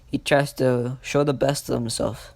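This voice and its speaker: A man casually narrating a fan story at an unhurried, halting pace. He restarts phrases often as he goes. His voice has a gravelly texture at an ordinary pitch. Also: steady tone, a little mellow, dry recording. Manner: halting and slow, with repeated restarts.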